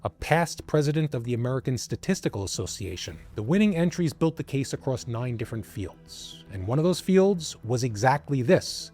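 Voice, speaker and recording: A man's voice: on the high side, darkish tone. A man narrating a scripted documentary with dramatic storytelling and asides to the listener.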